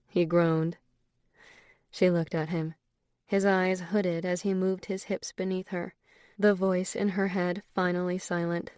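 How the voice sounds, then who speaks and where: A woman's voice: lowish voice, little pitch movement, a little slow, darkish tone, smooth, no echo. Woman narrating an audiobook, dry and close.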